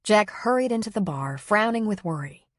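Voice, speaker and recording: A woman narrating an audiobook novel with an even, clear storytelling delivery. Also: mid-range voice, moderate pace, no echo, clean studio sound.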